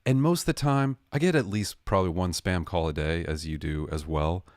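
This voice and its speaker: A man's voice: sits low, fairly quick, no echo, clean studio sound. A man hosting a livestream, telling a story in a jokey, sarcastic way and correcting himself as he goes. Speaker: livestream host. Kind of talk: casual storytelling rant.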